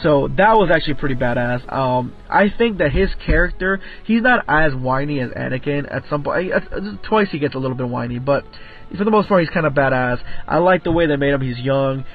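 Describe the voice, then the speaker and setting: A man's voice: on the high side, lively intonation, a little fast. Rambling man with tinny lo-fi sound. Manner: rambling, filler-heavy, profane. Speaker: movie reviewer. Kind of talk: casual spoken film review. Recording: tinny phone-like audio with faint music.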